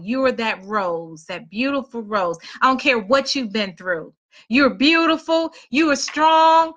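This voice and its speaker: Bright, high-voiced woman telling her story. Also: muffled recording. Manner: animated storytelling, acts out others in high voices. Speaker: motivational speaker. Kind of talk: storytelling talk.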